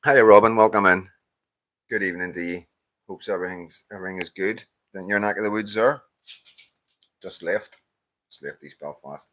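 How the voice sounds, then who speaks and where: Reading out viewer names on his laid-back live stream, this weary Northern Irish host in his 50s chats away, laughs a lot and swears freely. He speaks low at an ordinary pace with frequent pauses, and his fairly bright tone comes through a dry recording.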